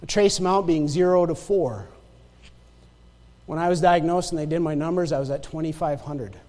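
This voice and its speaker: High-voiced emphatic preacher man. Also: moderate pace, darkish tone. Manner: emphatic, repeats key phrases, asks the congregation "Amen?". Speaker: pastor. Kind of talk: sermon with personal storytelling. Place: church sanctuary. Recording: long reverb of a church hall.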